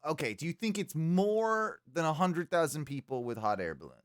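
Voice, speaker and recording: A man co-hosting a casual podcast, telling his stories in an animated way. His voice is smooth and clear, a little higher than most men's, and his pitch swoops around a lot. The sound is dry and close to the mic. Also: normal speed, no echo. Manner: animated storytelling, frequent fillers and restarts. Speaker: podcast co-host.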